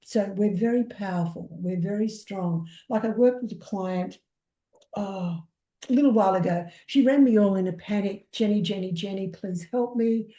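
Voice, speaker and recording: Mellow-voiced woman in an echoey room. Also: medium pitch, moderate pace. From Australia. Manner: animated storyteller who acts out quotes. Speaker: energy healer, guest. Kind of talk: casual conversation.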